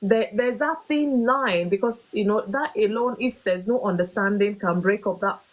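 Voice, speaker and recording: A woman's voice: medium pitch, moderate pace, rough recording. A woman hosting a faith-based talk on marriage, speaking earnestly with emphatic, preaching emphasis. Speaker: host.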